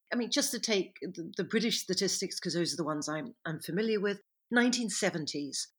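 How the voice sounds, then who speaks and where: Woman author as interview guest, husky, reflective and measured, breaks off to correct herself. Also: fairly low pitch, a bit bright. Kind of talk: podcast interview answers.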